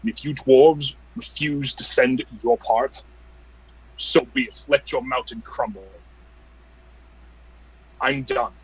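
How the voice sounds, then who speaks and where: A man's voice: medium pitch, fairly even intonation, slow pace, pauses often, husky, rough recording. A man playing a grim, scornful warrior leader in a tabletop game, speaking with anger. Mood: bitter, defiant. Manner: angry, scornful speech. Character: defiant male warrior leader, bitter and grim. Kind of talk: tabletop role-play.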